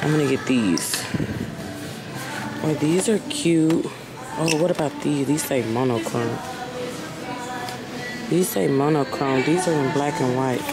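A woman's voice: deep voice, unhurried, long pauses, music in the background. Hyped young woman vlogger. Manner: hyped, loud and laughing, swearing, slangy. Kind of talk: casual vlog chat to camera.

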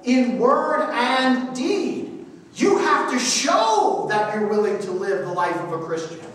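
Priest lecturing a church class, echoey hall. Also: male voice, very high voice, very animated, takes it slowly, a bit bright. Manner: reads quotes aloud, asks the class questions. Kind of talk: church adult-education lecture. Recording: echoey hall, mic far off.

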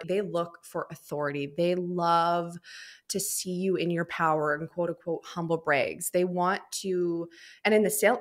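A young woman with a slightly low voice talks business as a podcast guest. She is chatty and animated, and she throws her pitch around when she acts out small scenes. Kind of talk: casual interview talk.

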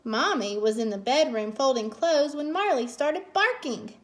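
High, slow-reading woman storyteller. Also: lively intonation. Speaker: read-aloud narrator. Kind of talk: picture book read-aloud.

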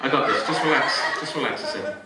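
A man working as a stage hypnotist at a live comedy show, playful with volunteers and dropping to a slow soothing murmur for trance suggestions. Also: mid-range voice, very noisy. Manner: energetic and teasing with volunteers. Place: college auditorium stage. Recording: echoey hall from far off, audience laughter. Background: laughing audience.

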